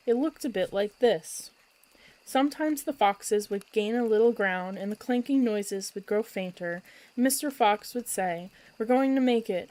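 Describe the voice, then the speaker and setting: Woman reading a bedtime story, expressive, lively narration, medium pitch. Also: rough recording.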